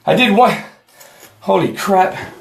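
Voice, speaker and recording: A man's voice: sits high, animated, slow, creaky, fairly bright tone, roomy sound. A man in a casual home workout vlog, out of breath and chatty, talking to the camera and to a friend. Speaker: fitness vlogger.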